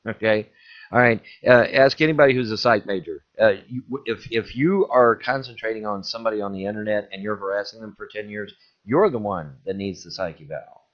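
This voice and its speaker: A man's voice: lowish voice, a little fast. A man giving an indignant, repetitive ranting commentary as a video host. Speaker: YouTube commentator. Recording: dull lo-fi recording.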